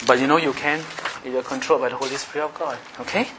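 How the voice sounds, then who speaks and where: A middle-aged man preaching a sermon as pastor, swinging between loud, emphatic passages and soft, confiding asides. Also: mid-range voice, fairly even intonation, racing, slight background noise.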